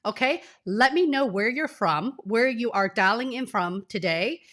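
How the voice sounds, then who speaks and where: A woman's voice: on the high side, expressive, unhurried, fairly bright tone. A woman in her forties hosts a live stream from a home office, speaking through a desk mic. She is under the weather, sniffly and near tears. She talks straight to her viewers in an effusive, emotional way. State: sick, sniffly, tearful. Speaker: career coach.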